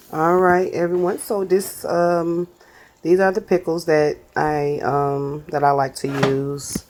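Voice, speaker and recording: Slowly and in a steady, somewhat low and mellow voice, a cooking vlogger addresses viewers as "y'all," chatting as she assembles and tastes a burger; there's slight background noise.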